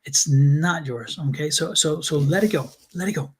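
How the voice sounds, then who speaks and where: Earnest male tarot reader, higher voice. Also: normal speed, a little hiss or hum. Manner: earnest, repetitive, addresses viewers by name. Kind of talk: live-stream tarot reading.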